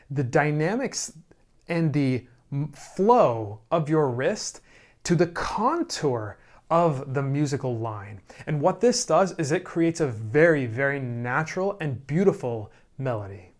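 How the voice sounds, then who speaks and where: Patient male piano instructor, slow and steady, talks at the piano between played passages. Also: medium pitch. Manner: calm, slow explaining with frequent "right?" checks. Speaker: piano teacher. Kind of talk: piano lesson explanation. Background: piano playing.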